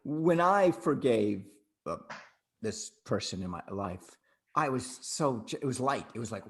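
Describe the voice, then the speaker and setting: A man's voice: medium pitch, lively intonation, unhurried, gravelly. A middle-aged man co-hosting a podcast over a video call, talking things over reflectively and often repeating words while he thinks. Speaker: podcast co-host.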